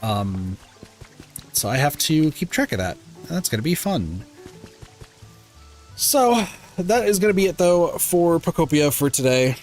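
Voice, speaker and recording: A man's voice: a little high, sing-song, unhurried, long pauses, darkish tone, faint music behind. A man streaming a life-simulation game, chatting casually and rambling with lots of filler words and self-corrections, sounding a bit sleepy. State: sleepy, yawning. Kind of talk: casual gameplay stream commentary.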